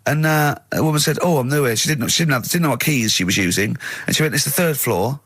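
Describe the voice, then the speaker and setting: A man's voice: medium pitch, fast, a bit bright, slightly rough, no echo. A man hosting a radio show, chatting casually in a studio and acting out dialogue in put-on voices. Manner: acts out dialogue in put-on voices, laughs often. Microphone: studio microphone.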